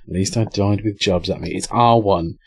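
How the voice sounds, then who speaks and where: A man's voice: low-pitched, a little mellow, slightly rough, no echo. A young English man streaming a game, chatting casually, swearing and reading out chat. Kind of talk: casual live-stream commentary.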